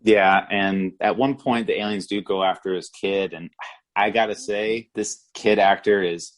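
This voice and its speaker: A man's voice: on the low side, fairly even intonation, a little slow. A man co-hosting a movie podcast, talking in an easygoing, conversational way with restarts and filler words. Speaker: podcast co-host. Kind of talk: casual movie review chat.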